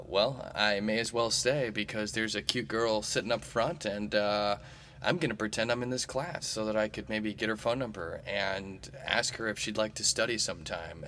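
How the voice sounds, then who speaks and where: A man's voice: lowish voice, moderate pace, sharp tone, slight background noise. A man in his thirties hosting a comedy podcast, talking in a meandering, jokey way with lots of fillers. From Missouri. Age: 30s. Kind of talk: casual rambling monologue.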